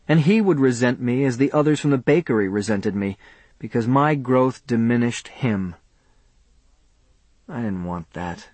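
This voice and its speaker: A man reading a first-person audiobook in a measured, subdued way. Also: lowish voice, darkish tone, no room sound. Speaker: audiobook narrator.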